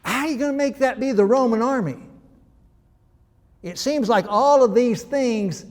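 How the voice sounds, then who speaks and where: High-voiced male pastor in reverberant church. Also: moderate pace, darkish tone. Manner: conversational, emphatic, with frequent restarts. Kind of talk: sermon.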